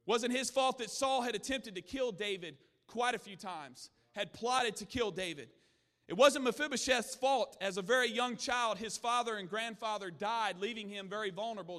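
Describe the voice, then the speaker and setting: A man's voice: high voice, a bit bright, big-room sound. A man preaching a sermon in a church, telling stories earnestly with frequent restarts. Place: church sanctuary.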